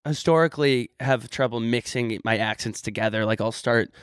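A man's voice: mid-range voice, moderate pace, clear, resonant tone, dry recording, clean studio sound. A man co-hosting a podcast in casual, jokey chat. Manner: jokey, playful, breaks into silly voices. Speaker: podcast co-host.

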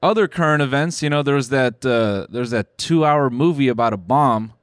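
A man's voice: medium pitch, normal speed, dry recording. A man hosting a comedic podcast, rambling sarcastically and laughing often between jokes. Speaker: podcast host. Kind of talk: casual comedic podcast chat.

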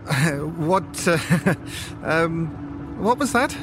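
A sheepish husband caught out and trying to stay affable. He stammers very slowly with a wobbly, lively pitch. Background noise is clearly audible behind him. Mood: nervous. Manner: stammering, awkward nervous laughs. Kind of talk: horror audio drama acting.

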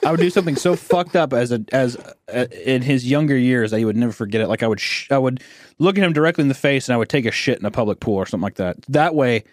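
A man's voice: medium pitch, lively intonation, quick pace, no echo, studio quality. A young man hosting a podcast, rambling through profane, jokey stories in casual chat. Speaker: podcast host.

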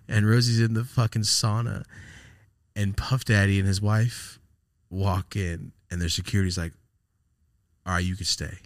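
A young man hosting a podcast, telling stories in a loose, profane casual chat. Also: creaky. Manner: animated, profane storyteller doing squeaky high impressions. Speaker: podcast host.

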